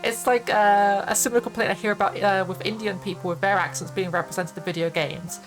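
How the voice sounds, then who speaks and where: Faint music plays behind a young woman's fast, mid-range voice as she chats on a video game stream. Her intonation stays fairly even while she rambles, laughing often and filling gaps with fillers.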